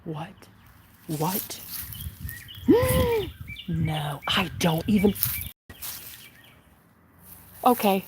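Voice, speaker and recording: A young woman livestreaming from a backyard, talking in an excitable, gushing way that jumps between loud exclamations and hushed whispers. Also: medium pitch, drawn-out words, background noise. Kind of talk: casual livestream chat. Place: outdoors in a backyard.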